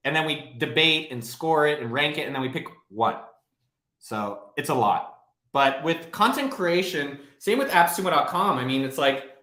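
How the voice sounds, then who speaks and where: A man's voice: fairly high pitch, bright, forceful tone. A man hosting a casual live Q&A stream, talking in a blunt, profane, rambling way. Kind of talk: casual livestream Q&A. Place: home office, livestreaming. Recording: roomy echo.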